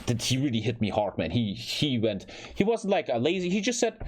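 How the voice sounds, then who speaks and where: A man's voice: mid-range voice, a little fast, hardly any pauses. A man with a German accent, a streamer telling a personal story in casual, swearing, repetitive style while gaming. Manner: animated, swears often, repeats phrases for emphasis.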